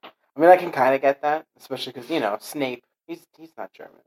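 A man from Portugal chatting casually, swearing now and then and slipping into quick put-on voices while telling stories. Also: medium pitch, a little mellow, rough recording. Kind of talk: casual chat.

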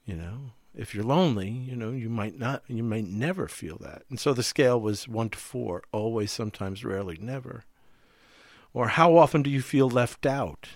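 A man co-hosting a talk podcast in an easy, reflective way. He thinks out loud and fills his speech with casual asides. His voice is mid-range and sits dry and close to the mic. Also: medium pitch, lively intonation, moderate pace, dry recording. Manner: reflective, thinks aloud with many "you know" asides. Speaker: podcast co-host.

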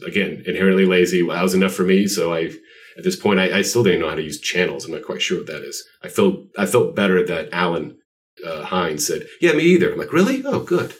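A man's voice: deep voice, steady tone, brisk, distant mic. A man being interviewed about his art, telling stories in a rambling, self-deprecating way with lots of fillers. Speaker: artist guest. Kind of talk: casual interview chat.

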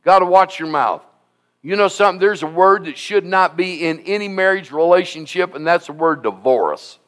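A pastor in his seventies preaches in a high, fairly bright voice at a moderate pace. Emphatic and exhorting, he often repeats "listen to me" and reads scripture aloud in King James phrasing.

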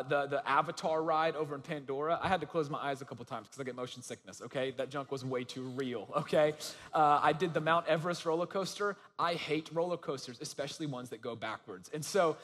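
A man's voice: fairly high pitch, a little fast, a bit bright, big-room sound. A young adult man giving a casual, conversational sermon, telling a story with many asides to the audience. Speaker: preacher.

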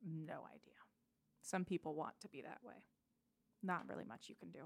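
A woman voicing a cold, guarded woman with shadowy powers, speaking low and quiet in a tabletop game. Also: fairly quick, gravelly, in a whisper. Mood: detached.

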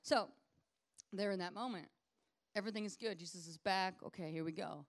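A woman preaching a casual, conversational sermon, animated and acting out scenes as she tells them. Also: medium pitch, brisk.

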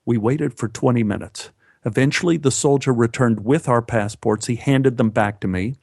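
A man tells a personal story in a lively, animated way and shifts his voice up for the lines he quotes. The recording is dry and close, and his pitch sits in the middle. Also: normal speed, gravelly, no room sound.

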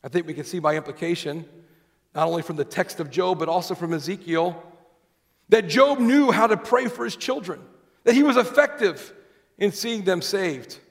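Guy preaching a sermon, kinda gravelly voice, reads verses out and quizzes the crowd, big echo in the room. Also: high-pitched, lively intonation, moderate pace. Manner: reads scripture aloud, asks the congregation questions. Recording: long hall reverb.

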